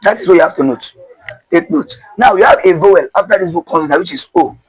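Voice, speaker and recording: High-voiced man drilling pronunciation. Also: expressive, quick pace, husky, low-quality recording. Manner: repetitive, drilling, asks questions and has listeners repeat; spells out words letter by letter. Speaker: English pronunciation teacher. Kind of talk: step-by-step pronunciation lesson.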